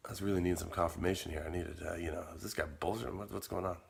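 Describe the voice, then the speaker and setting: A man's voice: low voice, steady tone, rapid-fire, gravelly, breathy edge. A middle-aged man telling his own story casually in a rambling way, repeating words and quoting his old messages. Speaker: vlogger.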